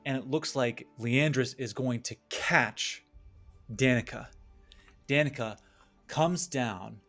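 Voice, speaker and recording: A man narrating a tabletop game as game master, telling the scene slowly. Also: mid-range voice, fairly bright tone, soft background music. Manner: slow, storytelling narration.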